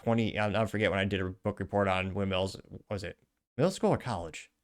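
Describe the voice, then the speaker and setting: A man's voice: sits low, fast talker. Sneering male commentary host. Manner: sneering, mocking, trails off mid-sentence. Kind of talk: solo commentary reading social media posts.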